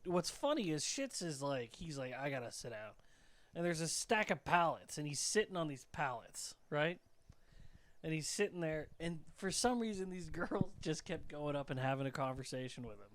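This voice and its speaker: High-voiced laughing young man. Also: lively intonation, moderate pace. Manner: laughing, profane storyteller. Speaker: podcast co-host. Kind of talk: casual chat.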